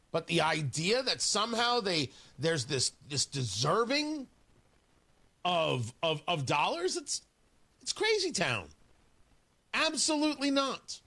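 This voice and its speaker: A man with a high, bright voice hosts talk radio from a studio mic. His pitch swings widely as he argues, sarcastic and emphatic, pressing each point with indignation. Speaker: radio talk show host. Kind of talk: opinionated talk radio monologue. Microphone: studio microphone.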